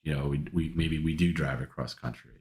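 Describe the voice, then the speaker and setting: Man, very low voice, casual live stream host, rambling chat, echoey room. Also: fairly even intonation, darkish tone. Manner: rambling, with many restarts and a quick laugh.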